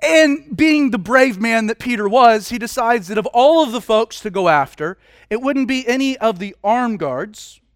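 A man preaching a sermon in a casual, animated way, with humorous asides. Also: very high voice, moderate pace, smooth, no room sound, studio quality. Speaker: pastor.

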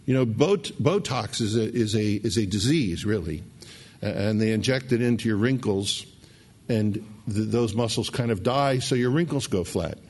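A man's voice: lowish voice, moderate pace, darkish tone. A middle-aged man preaching a sermon, emphatic, repeating key words and restarting phrases. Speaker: pastor.

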